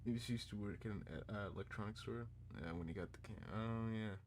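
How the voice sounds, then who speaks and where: A man's voice: lowish voice, fairly quick. A man streaming casual reaction commentary, joking and swearing a lot. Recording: loud background noise.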